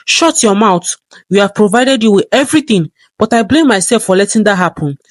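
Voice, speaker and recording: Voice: medium pitch, expressive, brisk, no room sound, natural voice. A cruel, scheming woman talks down to her captive with harsh contempt, voiced by a storyteller. The reading stays close and dry. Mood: contemptuous.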